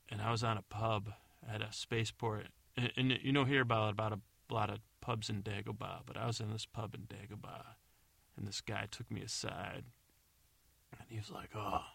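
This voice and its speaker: A man with a low, gravelly voice that still has a bright, forward edge. He rambles through a bedtime story, doubting himself and wandering off into asides. The recording is close and dry. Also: no room sound. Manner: meandering, self-correcting, unsure asides. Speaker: podcast host.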